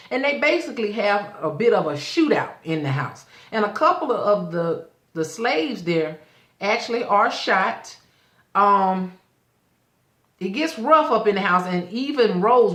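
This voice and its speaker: Woman, lively recap, voices the characters' lines, echoey room. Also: medium pitch. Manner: animated storytelling, acts out the characters' lines. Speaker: show host reviewing a TV episode. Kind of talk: casual episode recap.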